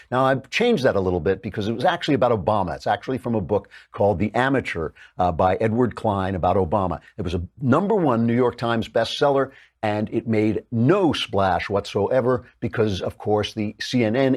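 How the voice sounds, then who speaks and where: A man's voice: fairly low pitch, brisk. A man hosting a political talk show, delivering sarcastic, mocking commentary. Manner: sardonic, mocking, lively.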